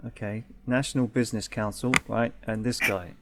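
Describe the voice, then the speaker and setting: A man's voice: lowish voice, fairly even intonation, moderate pace, music in the background. A man hosting a let's play, reading the game's text aloud and chatting, correcting himself and laughing often.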